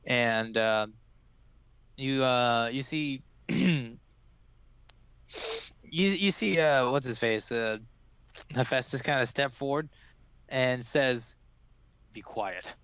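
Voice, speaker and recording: A man narrating a tabletop game as game master, with halting, filler-heavy delivery. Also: mid-range voice, a bit bright, smooth, dry recording.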